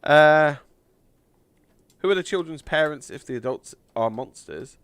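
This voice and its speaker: A man chatting on a live game stream, thanking donors with lots of fillers, a little hoarse from losing his voice. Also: a little high, expressive, unhurried, no echo.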